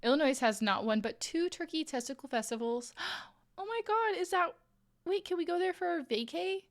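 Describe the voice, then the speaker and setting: A woman streamer chatting casually with her viewers while crocheting, playful and quick to laugh. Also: very high-pitched. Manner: playful, laughs often, reads chat aloud.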